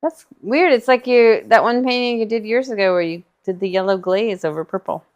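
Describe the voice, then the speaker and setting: Female co-host at an ordinary pitch; relaxed, talkative, quick to laugh. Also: muffled recording. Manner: chatty, laughs easily, rambling asides. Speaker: co-host painting along. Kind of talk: casual chat during a painting livestream.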